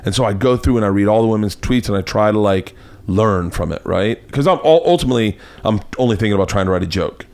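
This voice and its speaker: A man from Florida hosting a podcast, telling stories in casual chat and breaking into loud put-on voices. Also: on the low side, expressive, fast talker, gravelly, hardly any pauses. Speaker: podcast host. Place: home studio.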